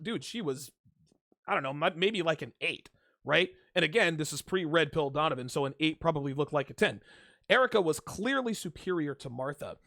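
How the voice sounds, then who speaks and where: Animated, profane man telling stories. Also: high-pitched, vocal fry, no room sound, clean studio sound. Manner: animated and profane, with frequent restarts. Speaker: host of a commentary channel. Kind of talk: casual storytelling and commentary monologue. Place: solo home studio with a fan nearby.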